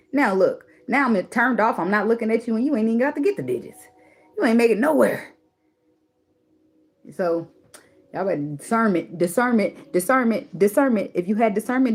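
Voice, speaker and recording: A woman with a medium-pitched, slightly mellow, breathy voice gives tarot advice in a casual spiritual monologue. She's blunt and preachy, swears freely, and repeats words for emphasis.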